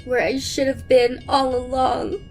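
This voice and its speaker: A man voicing a hateful young woman in a dramatized horror story, speaking slowly with flat disdain. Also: extremely high pitch, creaky, soft background music, pitched above the performer's own voice, full character voice. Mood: cold, final.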